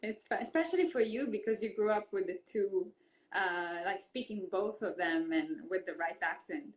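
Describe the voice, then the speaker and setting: A woman's voice: mid-range voice, normal speed, low-quality recording. A woman with an Italian accent chatting casually on a phone live stream, laughing often and switching languages. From Italy. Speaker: host.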